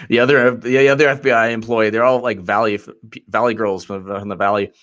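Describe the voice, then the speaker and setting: A man's voice: medium pitch, steady tone, moderate pace, a bit bright. Man giving sarcastic political commentary. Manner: sarcastic, mocking, reads messages aloud.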